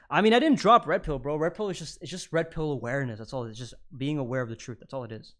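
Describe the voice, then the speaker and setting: A man's voice: a little high, quick pace, hardly any pauses, a bit bright. A man hosting a panel debate, lecturing in an assertive way and dropping his tone for emphasis. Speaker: podcast host.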